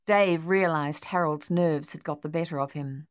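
A woman reading a war novel as audiobook narration, measured and tense. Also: sits low.

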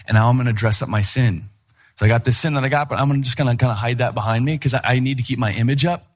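A middle-aged male pastor preaching a sermon with animated storytelling, acting out voices in his anecdotes. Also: medium pitch, rapid-fire.

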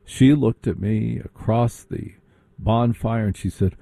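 A man with a deep, very mellow voice tells a comic story with sarcastic, mocking asides. His delivery is animated, and the recording sounds dry and close. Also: takes it slowly, vocal fry, dry recording.

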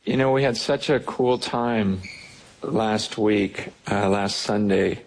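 A man preaching a sermon as pastor, reading a psalm slowly and then explaining it in an animated way, often repeating words as he gets going. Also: on the low side, rough recording. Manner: animated, stammering repeats when excited.

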